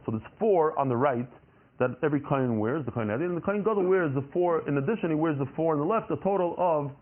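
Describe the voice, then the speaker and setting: A man giving a Talmud lesson, explaining by asking questions and answering them himself. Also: on the high side. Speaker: Talmud teacher. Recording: tinny phone-like recording.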